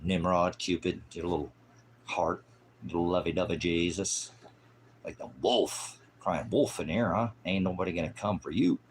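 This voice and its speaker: A man preaching an improvised, fiery sermon in a mocking, scolding manner, swinging from loud outbursts to low mutters. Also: moderate pace, a little hiss or hum.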